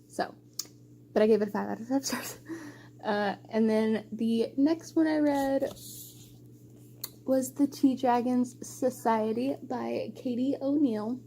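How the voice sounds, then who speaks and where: Speaking slowly with long pauses, a young woman gives a casual book wrap-up as a book vlogger. Her slightly high voice is mellow, her talk gushing and emotional with lots of rambling asides, and there's slight background noise.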